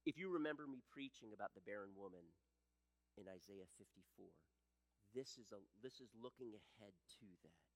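A man preaching a sermon as pastor, building up to loud emphatic passages and dropping to hushed, soft lines, often repeating words. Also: lowish voice, normal speed, no echo, poor audio. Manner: impassioned, swings between loud emphasis and hushed softness.

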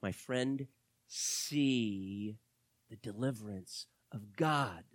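A pastor preaching a sermon to his church, swinging between hushed words and loud, fervent calls. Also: medium pitch, lively intonation, takes it slowly, dry recording, clean studio sound. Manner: dramatic, swings from hushed to shouting.

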